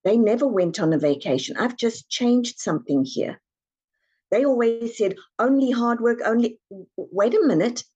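A woman's voice: medium pitch, animated, moderate pace, mellow, slightly rough, dull audio. A woman executive coach talking in an interview, earnest and emphatic, often acting out the inner voices of her clients. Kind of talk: podcast interview.

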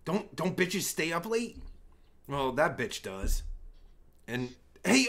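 A man's voice: a little high, big pitch swings, takes it slowly, creaky, a bit bright. A male livestream host giving crude, profane, rambling commentary while chatting with strangers online.

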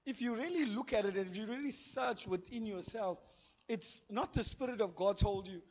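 A man with a South African accent preaching a sermon in church on a handheld mic, animated, acting out voices and laughing as he preaches. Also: high-pitched, normal speed. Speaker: pastor.

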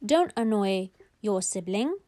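A woman's voice: medium pitch, expressive, slow pace, warm tone. A woman voicing a strict, tired mother of two in a children's story. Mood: weary.

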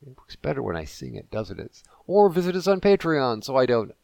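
A man's voice: mid-range voice, very animated, fairly quick, creaky, a little mellow, no echo. Rambling, jokey male podcast host. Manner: rambling, self-deprecating and jokey. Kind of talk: casual solo podcast monologue.

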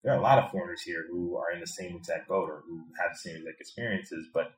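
A man from Chicago with a very low voice talks in an unhurried, reflective way as an interview guest. He often repeats words as he works toward his point. The room around him is audibly echoey. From Chicago, USA. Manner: thoughtful, repeats words when building a point. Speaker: guest, American expat in Thailand. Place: indoor room in Bangkok.

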